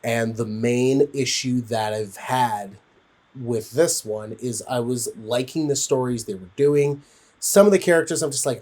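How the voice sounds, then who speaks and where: A man's voice: medium pitch, unhurried, darkish tone. Rambling man reviewing a film. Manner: rambling, with frequent fillers and restarts. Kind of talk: casual spoken film review.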